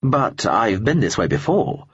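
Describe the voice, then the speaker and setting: A man's voice: on the low side, big pitch swings, unhurried, fairly bright tone, husky, no room sound, dull audio, exaggerated voice. A man doing a sly, charming stranger. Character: charming wary man flirting, sly, guarded.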